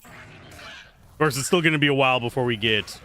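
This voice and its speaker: A man's voice: mid-range voice, very fast, bright, forceful tone, soft background music. A man casually commentating while he plays a video game on a livestream, chatty and playful as he thinks aloud. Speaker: streamer playing a video game.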